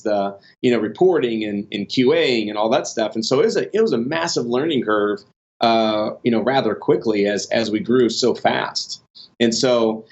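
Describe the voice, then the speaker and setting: Chatty man telling business stories, lo-fi. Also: mid-range voice. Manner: rambling, many restarts and fillers, animated in stories. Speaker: podcast guest, online business owner. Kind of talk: casual conversational storytelling.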